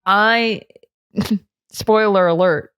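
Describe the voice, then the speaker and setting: A woman's voice: mid-range voice, extremely slow, a bit bright, smooth. A young woman co-hosting a sports gossip podcast in casual, giggly chat, often breaking into silly voices. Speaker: podcast co-host.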